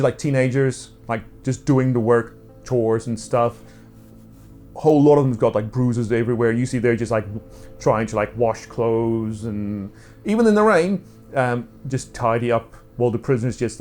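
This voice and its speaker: A man's voice: mid-range voice, darkish tone. A man narrating as game master in a casual, rambling way with many fillers. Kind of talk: narrating a tabletop role-play.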